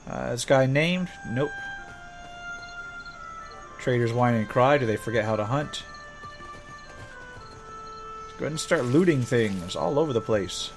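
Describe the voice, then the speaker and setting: A man's voice: mid-range voice, expressive, a little slow, long pauses. Laid-back man commenting on a game. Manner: laid-back, thinks aloud with fillers. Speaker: let's play host. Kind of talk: casual gameplay commentary, reading game text aloud. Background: game music.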